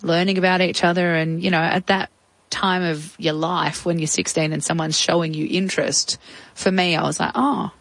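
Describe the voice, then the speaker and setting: In this low-quality, dry recording, a woman with a lowish, fairly bright voice and little pitch movement talks at a normal speed. She's an Australian interview guest, likely in her thirties, telling her personal story casually and reflectively with plenty of quoted speech.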